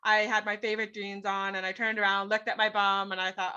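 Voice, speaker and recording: A woman's voice: medium pitch, level tone, fast, pushed and bright, clear, resonant tone. A middle-aged woman, a guest on an interview show, telling a personal story in an earnest, emphatic way and often checking in with "right?". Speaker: guest, author. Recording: dull lo-fi podcast audio.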